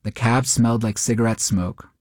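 A man narrating a short story in a steady, measured way. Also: medium pitch, no echo, clean studio sound.

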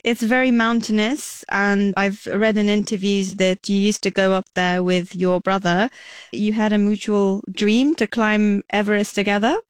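A woman asking clear, composed questions as a news interviewer. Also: medium pitch, level tone, normal speed, no room sound.

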